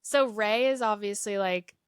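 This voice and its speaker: A woman's voice: mid-range voice, measured pace, clean tone, no echo, studio quality. Easygoing young woman podcast co-host. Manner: easygoing, filler-heavy with "like". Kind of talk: casual chat, reading a review aloud.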